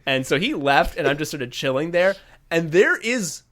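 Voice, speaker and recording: A man's voice: fairly high pitch, sing-song, normal speed, fairly bright tone. Laughing storyteller man. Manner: laughing anecdote-telling with swearing. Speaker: podcast host. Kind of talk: casual chat.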